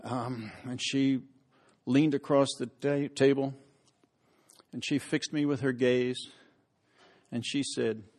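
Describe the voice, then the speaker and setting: A man's voice: medium pitch, slow pace, long pauses. Man telling lecture anecdotes with humor. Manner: animated anecdotal storytelling, self-deprecating humor; acts out quoted voices loudly. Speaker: historian giving a lecture.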